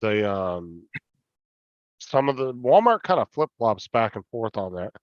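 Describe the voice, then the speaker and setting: A man joining a casual chat, talking haltingly with many restarts. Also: fairly low pitch, sing-song, dry recording. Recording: dull dry remote audio.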